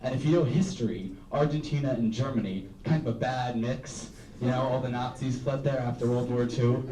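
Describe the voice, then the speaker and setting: A man's voice: mid-range voice, steady tone, moderate pace, mellow. A young man doing a stand-up comedy set, rambling and self-deprecating, full of "um" and "like". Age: young adult. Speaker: student stand-up comic. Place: live comedy room with audience. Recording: roomy, distant live recording.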